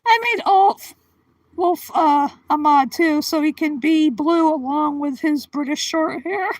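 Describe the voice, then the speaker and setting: On a laid-back livestream, a female host with a high voice speaks at a measured pace, greeting viewers by name and giggling frequently. The audio is dry and rough.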